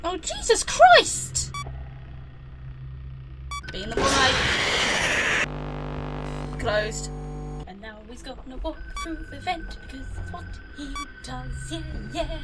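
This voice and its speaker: A young woman giving let's play commentary, excitable and sweary, now and then breaking into song. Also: high voice, slow, long pauses, low-quality recording. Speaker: gaming commentator. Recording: game music loud behind her.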